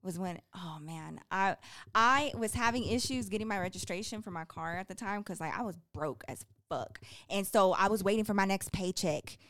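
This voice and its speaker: A young woman co-hosting a podcast, chatting casually and telling animated stories with voices and swearing. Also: mid-range voice, moderate pace. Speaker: podcast co-host. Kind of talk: casual chat.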